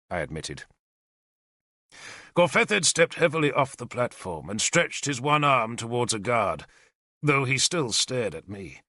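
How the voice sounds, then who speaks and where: Brief: male audiobook narrator, gravelly texture, lively dramatic reading, dry close sound. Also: mid-range voice, a little slow, no echo. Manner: dramatic storytelling. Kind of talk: scripted first-person narration.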